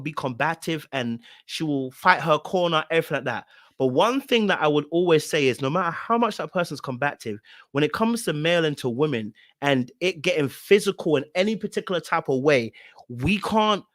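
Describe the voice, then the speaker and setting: A man's voice: a little high, a bit bright, dry recording, studio quality. A man hosting a reaction show, commenting on a reality show in a blunt, emphatic way and repeating his points to drive them home.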